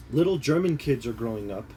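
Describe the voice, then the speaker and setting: A man co-hosting a casual podcast, reading aloud from his screen and telling spooky stories in an animated way. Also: medium pitch, a little hiss or hum. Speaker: podcast co-host. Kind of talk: casual chat.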